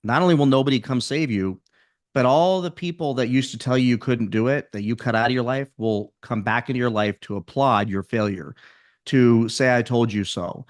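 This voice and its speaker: A man's voice: medium pitch, normal speed, no echo, studio quality. A man speaking as a guest on a podcast, talking in an intense, driving pep-talk way as a motivational speaker. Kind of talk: podcast interview.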